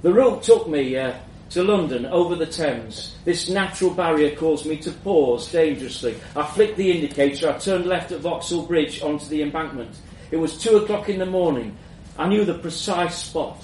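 A man's voice: fairly high pitch, expressive, normal speed, a little mellow. Man reading a story in an echoey room. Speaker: narrator. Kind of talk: first-person story reading. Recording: roomy echo, mic at a distance, faint background hum.

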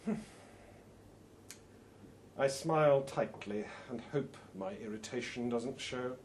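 A man reading a first-person story aloud with dry, understated humor, opening lines with "well" and letting out soft laughs. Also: medium pitch, takes it slowly, a little hiss or hum.

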